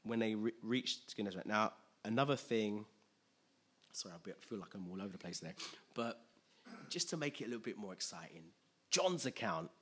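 A man preaching in a loose, conversational sermon, often checking that listeners follow along. His voice is husky but forceful and bright. He laughs often as he talks. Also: fairly low pitch, expressive, brisk, pauses often.

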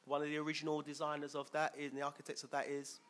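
Bright-voiced preacher. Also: male voice, fairly high pitch, completely flat delivery, very fast. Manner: chatty, asks the crowd questions, chuckles often. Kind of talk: conversational sermon with questions to the congregation.

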